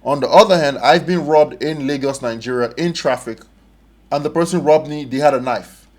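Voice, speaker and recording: A young man with a slightly high voice talks through a reaction video. He is animated and emphatic, and he breaks into laughter often. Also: moderate pace. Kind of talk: casual reaction commentary.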